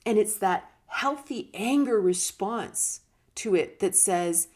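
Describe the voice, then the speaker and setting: A woman's voice: mid-range voice, lively intonation, measured pace, darkish tone. A woman giving a conversational teaching talk on personal growth, emphatic and now and then laughing or acting out short quotes. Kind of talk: casual spoken teaching talk.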